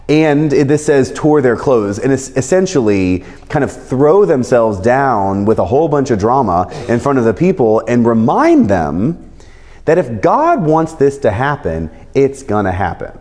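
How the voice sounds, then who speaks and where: A man's voice: mid-range voice, sing-song, unhurried, a little mellow. A man teaching a Bible passage in a conversational way, explaining it through everyday examples. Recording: long hall reverb.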